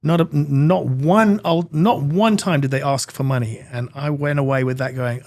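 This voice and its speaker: A man's voice: medium pitch, moderate pace, few pauses. Earnest middle-aged man telling his story. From Britain. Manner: earnest, animated, acts out dialogue. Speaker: interview guest. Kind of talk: personal storytelling in an interview.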